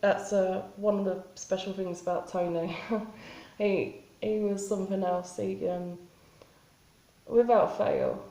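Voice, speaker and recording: A woman talking in a spontaneous confessional vlog, halting and rambling with many restarts and fillers. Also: medium pitch, vocal fry, mellow, roomy sound, low-quality recording. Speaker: vlogger.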